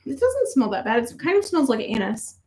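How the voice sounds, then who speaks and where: A woman's voice: a little high, huge pitch swings, fairly quick, a little mellow. A woman co-hosting a drinks tasting, chatting casually and teasing her partner. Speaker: co-host.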